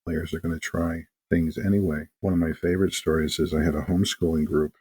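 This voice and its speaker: A man's voice: low voice, fairly quick, slight background noise. A man talking casually as an interview guest and game master, telling stories animatedly and acting out quotes. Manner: animated storyteller, acts out quotes.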